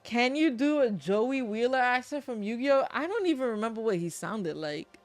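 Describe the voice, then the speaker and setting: A woman's voice: fairly high pitch, animated, moderate pace, soft background music. A woman with a New York accent giving casual let's-play commentary, chatty and blunt, swearing freely and reading the game's text aloud. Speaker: gaming streamer.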